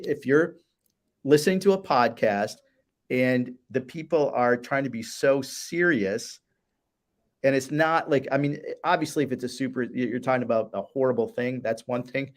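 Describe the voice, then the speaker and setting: A man's voice: medium pitch, expressive, moderate pace. A man, a business advisor guest, talking enthusiastically in a casual chat and repeating words as he starts.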